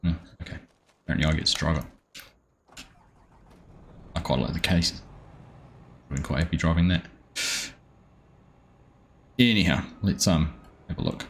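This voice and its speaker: A man's voice: a bass voice, unhurried, pauses often, slight background noise. A man streaming a farming game live, chatting easily and greeting viewers by name with plenty of ums.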